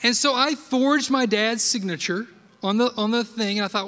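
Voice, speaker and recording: A man preaching a sermon and telling personal stories in an animated way, with frequent rhetorical asides to the congregation. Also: very high-pitched, normal speed. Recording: long hall reverb.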